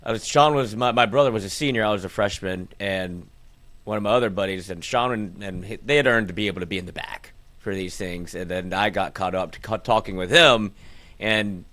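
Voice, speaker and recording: A man's voice: fairly low pitch, fairly quick. A man hosting a casual sports podcast, telling locker-room stories with plenty of swearing. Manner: swearing, animated storyteller.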